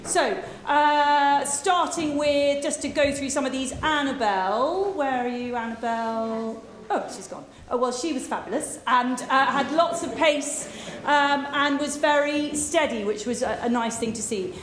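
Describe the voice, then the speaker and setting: High-voiced encouraging woman in echoey theatre. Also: unhurried. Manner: encouraging, praising, with many fillers and restarts. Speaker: guest adjudicator. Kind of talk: live feedback to young performers. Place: school theatre, live event.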